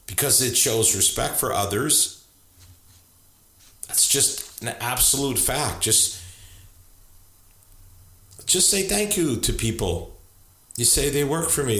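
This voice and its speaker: A man's voice: mid-range voice, a bit bright. A man giving an earnest, conversational teaching talk, often repeating words and restarting his sentences. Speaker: speaker on leadership and relationships. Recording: roomy echo.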